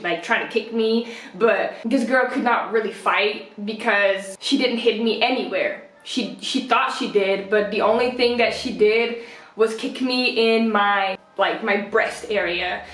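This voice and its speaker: A woman in her twenties from the Netherlands, telling a story in a casual vlog and acting out the quotes. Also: a little high. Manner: animated storyteller, acts out quotes with laughs. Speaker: vlogger. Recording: roomy echo.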